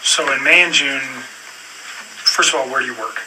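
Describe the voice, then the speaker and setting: Calm male detective, distant and noisy. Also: medium pitch, moderate pace. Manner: calm, procedural, with frequent fillers. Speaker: police detective. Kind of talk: police interview questioning. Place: police interview room. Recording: distant room recording with clear noise.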